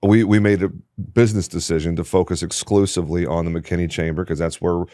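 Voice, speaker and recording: A man's voice: deep voice, fairly even intonation, fast, dark tone, no echo. A man hosting a podcast in a studio, speaking with emphatic enthusiasm. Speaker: podcast host. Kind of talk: casual conversation.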